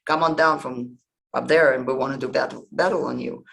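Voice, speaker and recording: A man's voice: mid-range voice, fairly even intonation, brisk, gravelly, fairly bright tone. A man voicing a band of boastful warrior heroes who brag and taunt in a swaggering manner.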